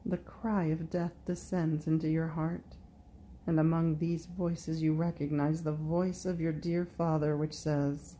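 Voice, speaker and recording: Woman reading a prayer meditation real slow, low dark voice, prayerful. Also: little pitch movement, a little hiss or hum. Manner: slow, prayerful, addressing Jesus directly. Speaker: devotional reader.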